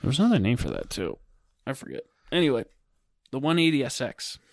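A man's voice: medium pitch, sing-song, brisk, dry recording, studio quality. A man co-hosting a podcast in casual chat, laid-back and rambling. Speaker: podcast co-host.

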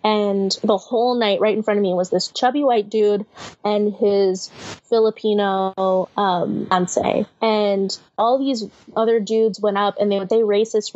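A woman comedian chatting as a podcast guest, telling stories in an animated way and swearing freely. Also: mid-range voice. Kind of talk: casual podcast chat. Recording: dull lo-fi sound.

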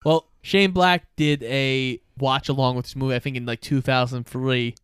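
A man's voice: medium pitch, steady tone, moderate pace, a bit bright, clean tone, no echo. A man co-hosting a podcast, steadily summarizing a movie plot with dry asides. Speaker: podcast co-host. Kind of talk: casual movie recap chat.

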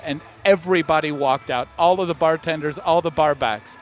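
Animated middle-aged man telling stories. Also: a little high, fairly quick. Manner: animated anecdote-teller who acts out quoted voices. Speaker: master distiller guest. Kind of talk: casual storytelling interview.

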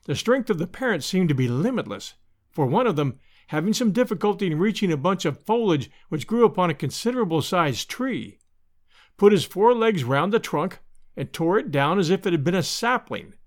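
A man narrating an adventure audiobook in a measured, expressive storytelling manner. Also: sits high. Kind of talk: scripted narration.

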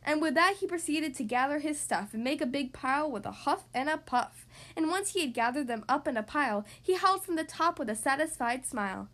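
A woman hosting a podcast and reading a picture book aloud to young kids, in a cheerful, expressive, sing-song manner. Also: high-pitched, brisk, hardly any pauses. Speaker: podcast host and storybook reader.

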